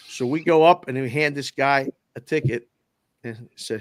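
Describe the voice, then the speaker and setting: Middle-aged male podcast guest, casual storyteller, mid-pitched voice, dry close mic. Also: dry recording. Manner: animated, quotes people in quick back-and-forth.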